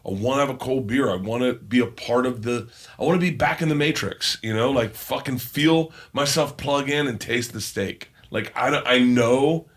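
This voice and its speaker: A man's voice: mid-range voice, moderate pace, few pauses. A man speaking in a podcast clip, rambling and emphatic with frequent swearing.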